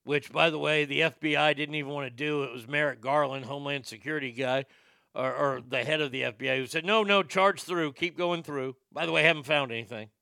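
An older man rants through sarcastic, profane commentary in a gravelly, smooth voice. His tone is bright and somewhat high, and the sound is dry and close. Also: fairly even intonation, fast talker, no room sound. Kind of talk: ranting political commentary.

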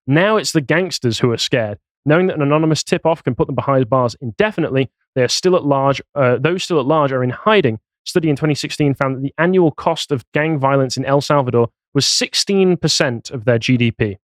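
A man's voice: medium pitch, brisk, few pauses, no room sound, clean studio sound. A man co-hosting a casual podcast, reading news articles aloud and mocking them with sarcastic asides. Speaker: podcast co-host.

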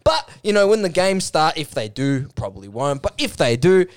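A man's voice: a little high, very animated, normal speed, no echo. A man with an Australian accent co-hosting a podcast, rambling and swearing through casual banter. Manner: rambling, profane, laughing often. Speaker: podcast co-host.

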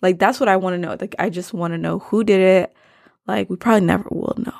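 A woman's voice: mid-range voice, steady tone, brisk, vocal fry, dry recording, studio quality. A young woman from Maryland hosting her own podcast in casual chat, rambling and slangy with plenty of swearing. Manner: rambling, slangy and profane, drifting off topic. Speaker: podcast host.

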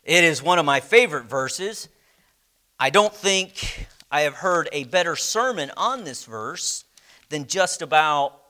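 Teaching a church Bible class, a man with a slightly high, sharp voice speaks slowly and emphatically. He quizzes the class and lets the ends of his phrases drop almost to a whisper.

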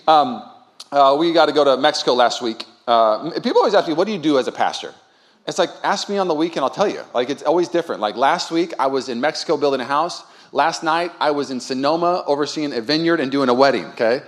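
Man preaching with casual, lively storytelling. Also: on the high side. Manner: conversational storytelling, swings from quiet asides to loud emphatic preaching. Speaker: pastor. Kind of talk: sermon. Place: church sanctuary.

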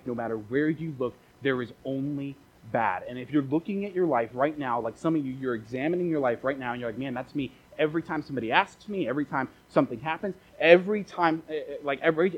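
A man's voice: mid-range voice, breathy edge, muffled recording. A man preaching a casual, conversational sermon as a pastor, repeating phrases for emphasis and dropping joking asides.

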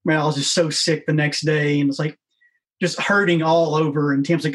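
A man's voice: on the high side, flat delivery, a little fast, fairly bright tone. A man in casual chat, easygoing and self-deprecating.

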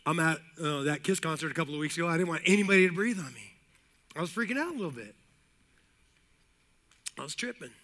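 High, bright-voiced male pastor preaching. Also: fast, long pauses. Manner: energetic, repetitive, jokey asides, calls of amen. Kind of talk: sermon.

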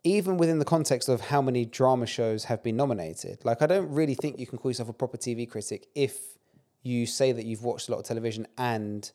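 Fast-talking man. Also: mid-range voice, mellow. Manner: very fast, emphatic, swearing, repeats points. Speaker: podcast co-host. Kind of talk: casual podcast chat.

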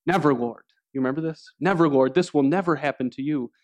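A man preaching a sermon, earnest and steady, with pauses and restarts as he explains scripture. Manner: earnest preaching, acts out quoted voices with rising pitch. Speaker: pastor.

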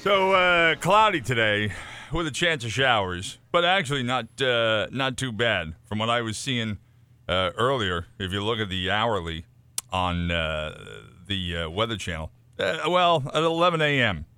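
A man's voice: medium pitch, animated, sharp tone, clear, resonant tone, no room sound. A man co-hosting a morning radio show, reading the weather and teasing his partners with dry jokes. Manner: wry, teasing, halting with fillers. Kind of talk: casual on-air banter.

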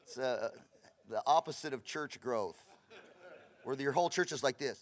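A middle-aged man from Los Angeles, a pastor preaching a passionate, storytelling sermon that swings between loud bursts and hushed asides. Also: medium pitch, animated, moderate pace.

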